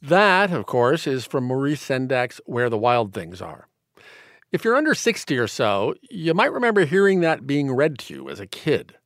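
A man's voice: medium pitch, huge pitch swings, moderate pace, fairly bright tone, dry recording, clean studio sound. A man hosting a public radio show, delivering polished scripted links and introductions. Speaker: radio host.

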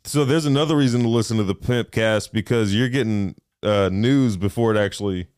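A man's voice: on the low side, brisk, darkish tone, clear, resonant tone, no echo, studio quality. A man co-hosting a casual podcast in a laid-back way, asking questions and chuckling easily. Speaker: podcast co-host, son. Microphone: studio mic with headphones.

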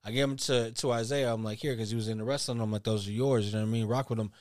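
A man's voice: on the low side, steady tone, very fast, darkish tone, dry recording, studio quality. A man co-hosting a casual podcast, telling a story in a laid-back way with a lot of slang and swearing. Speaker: podcast co-host. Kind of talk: casual chat.

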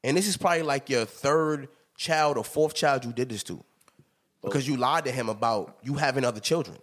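Guy in his 30s on a podcast, really animated, laughing a lot, just chatting casual. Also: mid-range voice, a little fast. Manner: animated, emphatic storytelling with frequent laughs. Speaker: podcast host. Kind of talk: casual chat.

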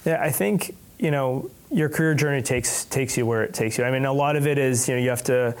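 Male podcast guest, mid-pitched, halting and easygoing delivery. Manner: halting, with many restarts and laughs. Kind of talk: casual conversational interview.

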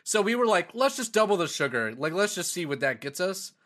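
Bright-voiced man telling stories. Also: sits high, brisk. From Texas. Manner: animated storyteller, laughs often. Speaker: podcast co-host. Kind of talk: casual chat.

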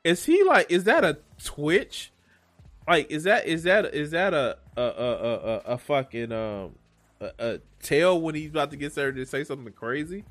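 Rambling, swearing reaction host. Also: male voice, on the high side, expressive, normal speed, a bit bright. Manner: rambling, swearing, self-mocking. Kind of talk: casual reaction commentary.

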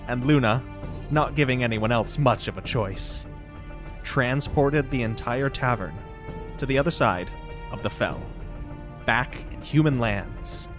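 Man narrating as game master. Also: mid-range voice.

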